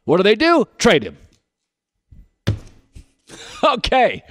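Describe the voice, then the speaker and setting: A male sports radio host with a high-pitched voice holds forth in an opinionated studio monologue. He jabs at his points with punchy, sarcastic rhetorical questions. His voice comes through dry and close, with no room sound. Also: huge pitch swings, takes it slowly, a bit bright, no room sound.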